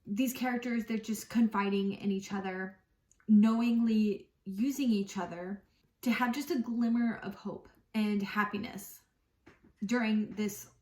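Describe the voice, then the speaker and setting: A woman's voice: medium pitch, fairly even intonation, unhurried, darkish tone, echoey room, recorded from a distance. A woman giving a casual book review in a wry, puzzled way.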